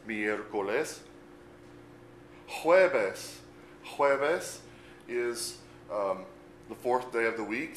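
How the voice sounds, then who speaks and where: A man's voice: medium pitch, a bit bright, roomy sound, slight background noise, low-quality recording. A man giving an unscripted language lesson, speaking patiently and spelling words out letter by letter. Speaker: Spanish teacher.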